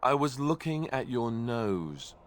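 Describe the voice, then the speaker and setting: A man's voice: mid-range voice, very animated, slow pace. A man voicing a playful young male warrior in a video game, teasing.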